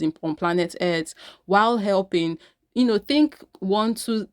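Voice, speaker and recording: Earnest woman vlogger, lowish voice. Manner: earnest, advising, with frequent "right?" asides. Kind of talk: reaction commentary to camera.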